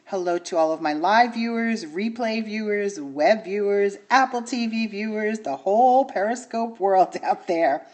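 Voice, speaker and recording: A woman's voice: mid-range voice, unhurried, few pauses, a little mellow. A woman with a New York accent hosting a casual phone livestream from home, gushing as she greets viewers by name. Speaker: livestream host.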